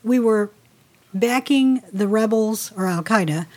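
A woman with a medium-pitched voice co-hosting a casual chat. She jokes and laughs easily, then settles into long explanations. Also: a little slow, a little mellow. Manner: laughing, playful, explains at length. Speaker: co-host.

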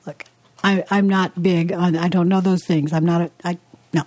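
A woman's voice: on the low side, little pitch movement, moderate pace, a little mellow. A woman co-hosting a casual podcast chat, talking in a rambling, chatty way with asides and restarts. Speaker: podcast co-host.

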